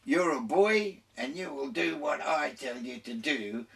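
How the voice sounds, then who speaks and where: A man's voice: a little high, animated, measured pace, creaky, a bit bright, far from the mic. An older man with an Australian accent, a radio guest telling his life story in a rambling way, full of restarts and laughter.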